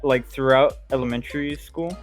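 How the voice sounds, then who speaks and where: A man's voice: mid-range voice, normal speed, soft background music. Joking young man in casual chat. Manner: joking, stumbles and laughs. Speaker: podcast co-host.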